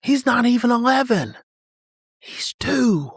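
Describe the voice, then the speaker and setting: A man's voice: extremely high pitch, big pitch swings, slow pace, slightly rough, no echo. Emphatic middle-aged man, dry sound. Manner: emphatic, repetitive teaching tone. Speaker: parenting expert guest. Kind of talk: podcast interview.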